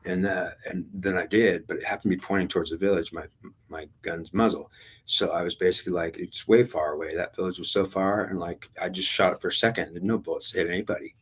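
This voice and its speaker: A man's voice: deep voice, fairly even intonation, quick pace, slightly rough. An older man telling his own spiritual experience in a rambling, blunt, repetitive way, with some swearing. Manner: repetitive, blunt and profane, retelling a past experience with strong feeling. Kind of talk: rambling personal testimony.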